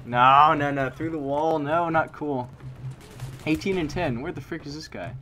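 A young man giving live gameplay commentary, excitable and frustrated, with sudden exclamations and muttered asides. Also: a little high, normal speed, slight background noise. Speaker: gaming commentator. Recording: game gunfire behind voice.

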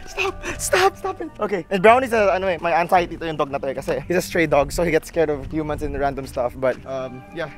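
A man's voice: fairly high pitch, quick pace, few pauses, faint music behind. A man with a Filipino accent chatting playfully in a casual vlog, mixing English and Tagalog and cooing at his dog. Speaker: vlogger. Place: at home and outside on a walk.

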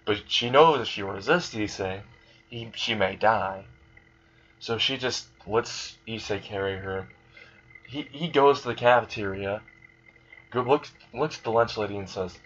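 A man's voice: lowish voice, unhurried, fairly bright tone, breathy edge, highs cut off. A man casually telling an improvised fan story, rambling and swearing as he goes.

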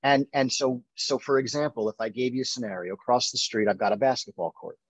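A man's voice: mid-range voice, fairly quick, dry recording, poor audio. A man hosting a casual chat, rambling with many fillers and restarts. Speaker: host.

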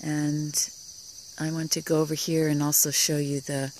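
A woman giving a casual tour of her vegetable garden, talking admiringly and softly, sometimes dropping to a whisper, recorded outdoors on a handheld camera. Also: low-pitched, flat delivery, normal speed, slight background noise. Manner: admiring, soft-spoken, often drops to a whisper.

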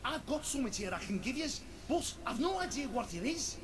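A woman voicing a chatty shopkeeper in a video game, with friendly, casual dialect, heard quietly from far off. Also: high voice, sing-song, a little fast. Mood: friendly teasing.

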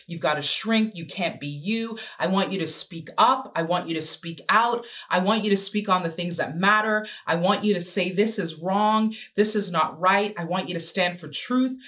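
Her voice is lowish with a fairly bright tone as she gives teenage girls a motivational talk as a guest speaker. Expect sudden swings in pace, emphatic exhortations repeated again and again, and sassy, chatty asides.

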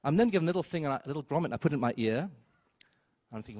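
A man's voice: mid-range voice, animated, fast talker, darkish tone, dry recording. Man, live stage storyteller, wry asides, acts out quotes, dry close sound. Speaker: storyteller, film critic. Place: theater stage before an audience.

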